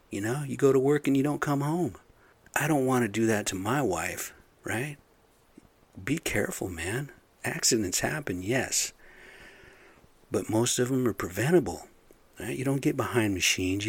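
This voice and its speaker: A man's voice: medium pitch, slightly rough, no room sound. A man who runs construction sites, ranting in a blunt, profane, fed-up way about careless workers. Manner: profane, blunt, frustrated venting. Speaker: construction site supervisor. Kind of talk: casual rant to camera.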